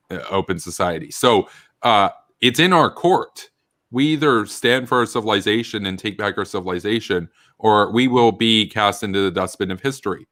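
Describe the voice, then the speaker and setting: A man's voice: low-pitched, a bit bright, no echo. A man hosting a political commentary chat, heated and ranting, swearing freely as he talks.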